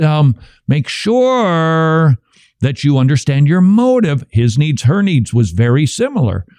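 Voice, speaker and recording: A middle-aged man with a warm, mellow tone and a lively, swooping delivery, riffing wryly as a radio host. The sound is dry and close, with no room behind him. He talks in a casual, joking way. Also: a little high, no echo. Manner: wry, joking, animated. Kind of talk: casual commentary on church signs and sermons.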